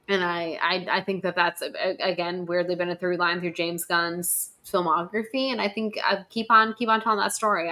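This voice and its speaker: A woman's voice: on the low side, bright, forceful tone, a little hiss or hum. A young woman co-hosting a casual podcast, ranting emphatically and swearing freely. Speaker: podcast co-host.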